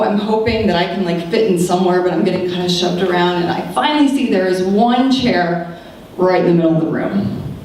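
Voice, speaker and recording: A woman in her thirties gives a keynote in a large lecture room, her voice a touch low as she tells a personal story with animated asides and voices for the people in it. She is picked up from well back in the room, with heavy echo and a faint hiss underneath. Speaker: keynote speaker. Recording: very echoey hall, distant mic.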